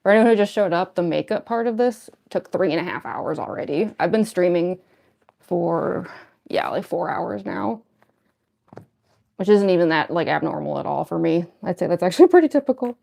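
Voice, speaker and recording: A woman's voice: lowish voice, lively intonation, normal speed, creaky, warm tone. A young woman cosplayer chatting casually on a livestream while getting into costume, rambling with lots of fillers and a slight lisp from costume fangs. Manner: rambling, filler-heavy, self-deprecating.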